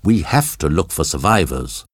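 A man's voice: low voice, big pitch swings, normal speed, slightly rough, no room sound, studio quality, heavily acted. A man voicing an injured crash survivor who takes charge, speaking firmly and urgently in a storybook reading. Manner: firm, urgent. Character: steady injured male crash survivor leader.

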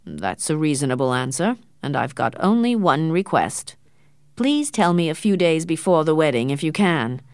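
A woman's voice: sits low, sing-song, normal speed, clear, resonant tone, dry recording. A woman doing a stern, cold older doctor father. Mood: cold, quiet. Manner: quiet, controlled, hard.

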